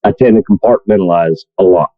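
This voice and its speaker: A man's voice: deep voice, brisk, dry recording, phone-quality sound. A man co-hosting a podcast in casual chat, blunt and profane, often poking fun at himself. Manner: blunt, profane, self-deprecating. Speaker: podcast co-host.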